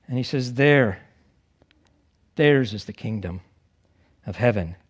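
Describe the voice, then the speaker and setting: A man preaching a conversational sermon to a congregation, acting out quoted voices with lively expression. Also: medium pitch, unhurried, long pauses. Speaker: pastor.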